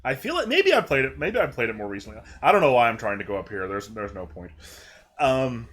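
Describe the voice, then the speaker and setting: A man's voice: medium pitch, sing-song, brisk, fairly bright tone. A young man hosting a casual livestream while playing, rambling with lots of fillers and frequent laughs. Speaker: streamer host.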